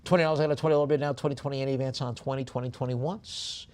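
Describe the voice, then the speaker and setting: A man working as a live auctioneer, reading out lot descriptions and then rattling off fast bid calls. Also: mid-range voice, steady tone, darkish tone.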